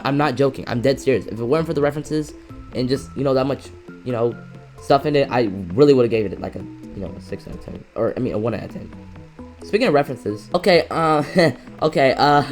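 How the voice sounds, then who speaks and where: A young man giving a casual movie review on camera, excitable and rambling, often restarting his sentences. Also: mid-range voice, fast, faint music behind. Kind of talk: casual reaction rant. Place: indoors, filming himself.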